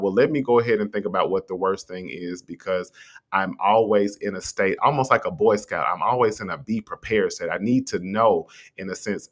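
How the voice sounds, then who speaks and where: A man with a lowish voice hosts a motivational livestream. He talks casually and directly to his listeners, and his pitch jumps when he asks rhetorical questions. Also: a bit bright. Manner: conversational and encouraging, addresses listeners directly. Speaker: host. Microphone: streaming setup with a mute button.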